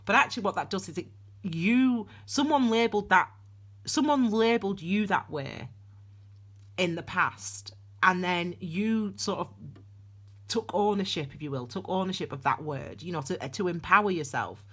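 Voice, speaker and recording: A young woman does a casual tarot reading, talking alone to camera, and she rambles and keeps interrupting herself to start over. Her voice is fairly low but a bit bright, with lively intonation at a moderate pace. She comes across as chatty.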